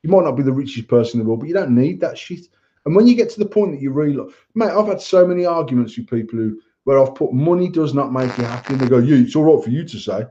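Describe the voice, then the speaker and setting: A man's voice: mid-range voice, expressive, fast talker, mellow. A man co-hosting a podcast, ranting bluntly in casual chat and swearing a lot. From England. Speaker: podcast co-host. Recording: dull lo-fi sound.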